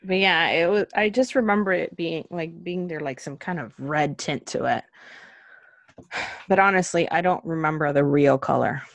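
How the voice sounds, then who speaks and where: A woman's voice: sits low, moderate pace, gravelly, no room sound. A woman co-hosting a podcast in casual chat, joking and teasing with many fillers. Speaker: podcast co-host.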